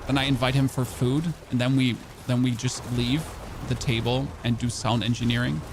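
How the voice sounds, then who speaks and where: A man's voice: medium pitch, level tone, moderate pace, background noise. Chatty German-native man streaming. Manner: rambling, chatty, self-mocking, with restarts. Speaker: game streamer. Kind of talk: casual chat with live chat.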